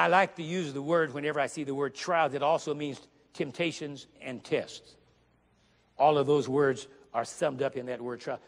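Man, preacher, sermon, reads scripture slowly, quizzes the congregation, slightly high voice, church reverb. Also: vocal fry. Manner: emphatic, repeats key phrases, reads scripture slowly; asks the congregation questions. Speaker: guest preacher. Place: church sanctuary. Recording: long hall reverb.

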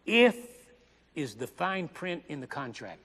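A preacher with a slightly high, fairly bright voice gives a sermon, slowing on key words for dramatic effect and tossing in joking asides. His voice rings through a large hall with long reverb.

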